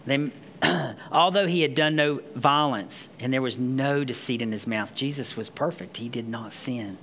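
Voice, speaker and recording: A man's voice: medium pitch, measured pace, fairly bright tone. Guy preaching, reads verses then talks it out, kinda casual, bit of hiss. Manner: reads scripture aloud then explains it conversationally, with emphatic restarts. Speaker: pastor. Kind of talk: sermon.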